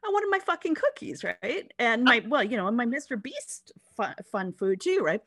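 A middle-aged woman telling a story in casual chat, animated and laughing, acting out voices from her anecdotes, on a close mic. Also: on the high side, moderate pace, no room sound. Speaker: podcast guest.

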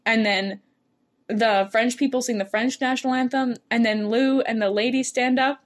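A woman in casual conversation, recounting a story at length with an animated, rambling delivery. She laughs often as she goes, and her voice sits a little higher than most. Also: moderate pace. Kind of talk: casual chat.

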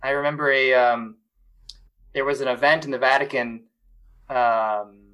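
A man co-hosting a casual podcast, telling stories in a relaxed way with many fillers. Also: medium pitch, unhurried, smooth, low-quality recording. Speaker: podcast co-host. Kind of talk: casual chat.

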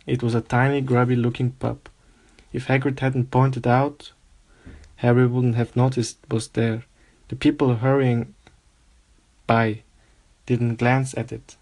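A man reading a novel aloud in a steady, unhurried way. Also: medium pitch. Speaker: reader.

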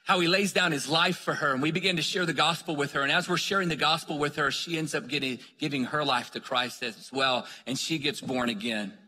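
A male preacher delivers an energetic sermon full of stories, pressing his listeners on again and again. His voice is bright and forceful with a husky edge. It rings through a large hall with a long reverb. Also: fairly high pitch, brisk, hardly any pauses. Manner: energetic, calls "come on" to the crowd. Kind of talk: sermon storytelling.

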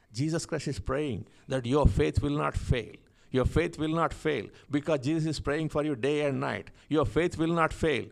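A man preaching a sermon, building to loud, insistent repetition and praying in tongues. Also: mid-range voice, vocal fry. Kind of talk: sermon with prayer.

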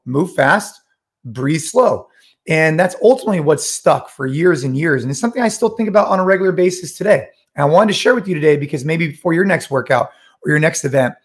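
Upbeat man hosting a solo podcast. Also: fairly high pitch. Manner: energetic, conversational, retells chats with quoted voices. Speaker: podcast host. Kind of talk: casual solo talk.

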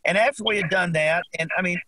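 Earnest older man, fairly high voice. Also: quick pace, pushed and bright, dry recording, rough recording. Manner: earnest, repeats himself when moved. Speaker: guest. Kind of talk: personal storytelling in an interview.

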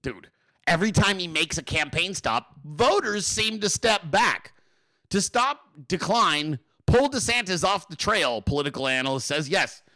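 A man hosting a podcast who rants about politics, cursing freely and sneering at his target. His voice sits high and bright, and it swings up and down a great deal as he mocks. He lays the sarcasm on heavily. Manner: profane, mocking and sarcastic. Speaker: podcast host. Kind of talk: ranting political commentary.

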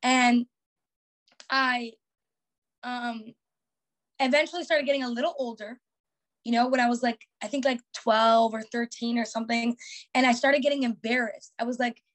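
A woman's voice: fairly high pitch, fairly even intonation, normal speed, long pauses. A young woman hosting a podcast, giving a motivational talk in an emphatic, repetitive way with many "like" fillers. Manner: emphatic, repeats key phrases, frequent "like" fillers. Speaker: podcast host.

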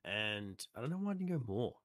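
A man's voice: on the low side, very animated, a little fast, a bit bright, no echo, clean studio sound. A young man in his twenties, co-hosting a podcast in a rambling, slangy way and acting out what people said. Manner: rambling, slangy, acts out quotes. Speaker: podcast co-host. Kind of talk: casual chat.

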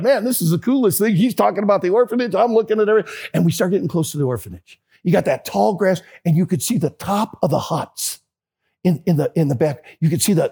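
A man's voice: high-pitched, gravelly, dark tone, breathy edge. A man preaching a sermon, telling a story and acting out both sides of the conversations.

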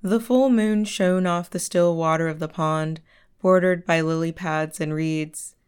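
A woman narrating a story as an audiobook reading in a measured storytelling manner. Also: fairly low pitch, fairly even intonation, darkish tone, clean tone.

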